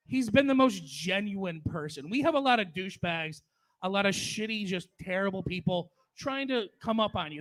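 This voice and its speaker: A man's voice: high-pitched, fairly bright tone. A man in his forties doing crude, profane stand-up storytelling at a memorial. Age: 40s. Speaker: stand-up comedian.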